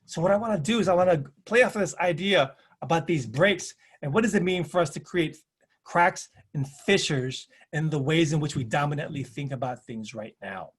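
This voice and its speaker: Husky man with rhythmic emphatic phrasing. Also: fairly high pitch, normal speed. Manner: storytelling with acted quotes. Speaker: panel presenter. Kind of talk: presentation talk.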